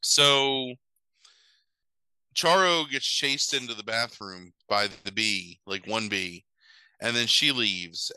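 A man's voice: on the low side, pushed and bright, clean tone, dry recording, poor audio. A man hosting a podcast, recapping a film in casual chat, rambling and swearing, with many fillers and asides.

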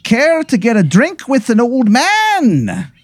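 A man's voice: very high-pitched, huge pitch swings, takes it slowly, no room sound, voice pushed up, full character voice. A man voicing a drunken old male leprechaun who speaks in a terrible fake Irish accent with a sing-song lilt.

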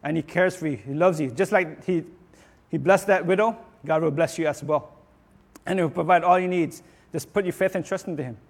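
High-voiced earnest preaching man. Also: fairly quick, vocal fry, big-room sound. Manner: earnest, repeats words and restarts often, rises in pitch and volume on declarations. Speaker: pastor. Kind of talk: sermon.

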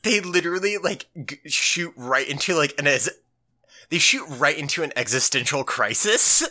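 A man in casual podcast chat, loose and animated as he recaps the episode and swears freely. His voice swings widely in pitch and has a bright, forceful edge. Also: a little slow. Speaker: podcast co-host.

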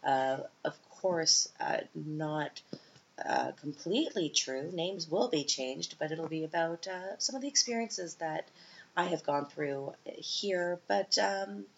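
Woman, 30s, low voice, chatty self-deprecating podcast host, muffled lo-fi audio. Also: slow, vocal fry. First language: English. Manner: chatty, self-mocking, lots of fillers. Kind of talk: casual solo podcast monologue.

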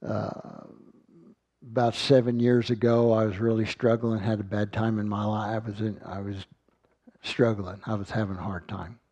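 A man's voice: on the low side, little pitch movement, normal speed, darkish tone, no room sound. A man giving an earnest sermon, reading scripture aloud and often repeating words as he finds his thought. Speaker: Bible teacher.

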